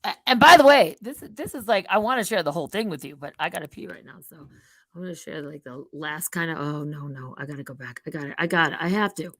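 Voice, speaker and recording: A woman hosting her own channel, rambling in a casual monologue that swings between loud outbursts and quiet muttered asides. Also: sits low, animated, fast talker, dry recording, clean studio sound. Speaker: channel host.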